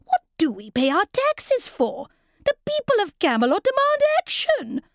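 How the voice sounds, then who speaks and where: A woman voicing a pompous male editorial crier who makes loud demands. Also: mid-range voice, huge pitch swings, normal speed, gravelly, dry recording, studio quality. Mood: indignant.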